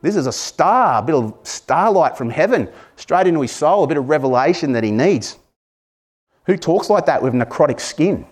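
A man's voice: on the high side, lively intonation, moderate pace, a little mellow. Earnest Australian man preaching. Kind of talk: sermon.

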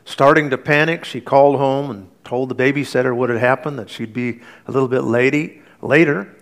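A middle-aged male pastor preaching a sermon, telling stories with earnest warmth and light humor, then leading a prayer. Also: mid-range voice, fairly even intonation, brisk.

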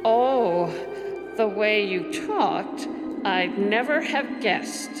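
A cold sinister double. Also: female voice, mid-range voice, expressive. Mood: taunting. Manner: cool, taunting, unhurried. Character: cold sinister female double, calm killer. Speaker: radio drama actress. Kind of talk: 1940s radio acting. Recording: long hall reverb, loud music.

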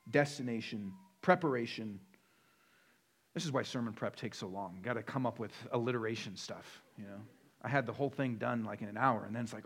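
A middle-aged man, a pastor, preaching a sermon in a conversational way, joking with the crowd and building to emphatic repeated lists. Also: mid-range voice.

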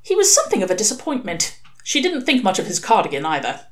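A woman reads a novel aloud with wry, expressive storytelling. Her voice sits at an ordinary pitch but moves a lot, rising and falling through each sentence. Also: quick pace. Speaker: reader.

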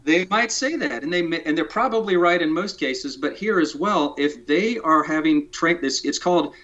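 Speaking at normal speed with a fairly high, animated voice and a fairly bright tone, this man is a podcast interview guest who builds tiny houses. His casual, joking talk shifts into detailed technical explanation, captured in dull lo-fi audio.

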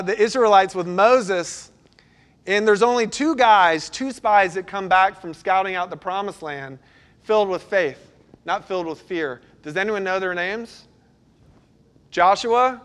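A middle-aged man, a pastor, preaching a sermon and telling stories, sometimes breaking into loud bursts. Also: sits high. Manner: storytelling, animated with sudden loud bursts.

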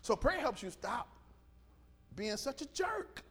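A middle-aged man preaching a sermon, animated, swinging from quiet asides to shouts and acting out dialogue. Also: very high-pitched, takes it slowly, husky. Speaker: pastor.

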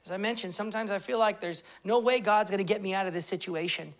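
A man preaching a sermon as pastor, impassioned, swinging between hushed confession and loud declarations. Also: high voice, fairly even intonation, fast.

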